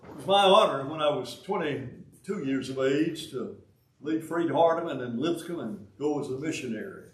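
A man in his eighties with a Southern US accent, from Alabama, preaching a sermon in a folksy way with joking asides and halting restarts. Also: medium pitch, animated. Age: 80s. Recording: roomy sound, from a distance.

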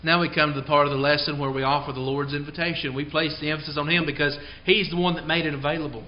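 Earnest preacher man, slightly high voice. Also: fairly even intonation. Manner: earnest, emphatic, slows down to stress key phrases. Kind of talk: sermon. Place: church service. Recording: dull lo-fi sound.

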